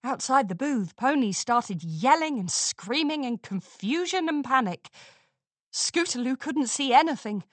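Woman storybook narrator, slow, very lively pitch, dry close sound. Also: dry recording. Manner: expressive, unhurried reading.

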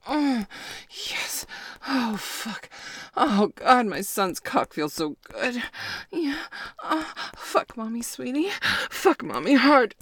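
Woman playing a possessive adult character, adult audio role-play: high, breathy, slow, dry close mic. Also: big pitch swings, a bit bright, no echo, heavily acted. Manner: breathy, moaning, partly whispered.

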